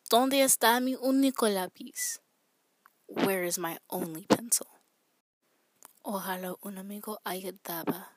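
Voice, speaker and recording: A woman hosting a casual spoken language lesson, explaining slowly with examples and stressing key words. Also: mid-range voice, noisy background. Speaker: Spanish tips podcast host.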